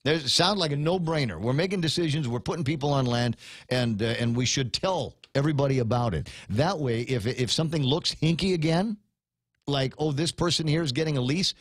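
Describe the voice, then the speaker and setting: A man hosting a talk radio show, ranting in a casual, animated way and restarting his sentences often. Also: mid-range voice, fairly quick, dry recording.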